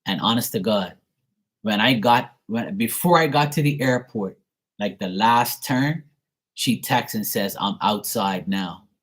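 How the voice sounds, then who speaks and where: A man's voice: medium pitch, animated, unhurried, fairly bright tone, husky, poor audio. A man hosting a tarot reading live stream, telling profane, chatty anecdotes. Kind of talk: casual live-stream storytelling.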